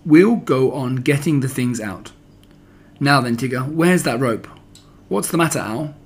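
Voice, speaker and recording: A bustling, bossy rabbit, read by a man who gives brisk orders to his friends. The voice stays husky and close to the reader's own. It suits a children's storybook. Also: medium pitch, lively intonation. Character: busy, bossy male rabbit in charge. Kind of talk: storybook character voice.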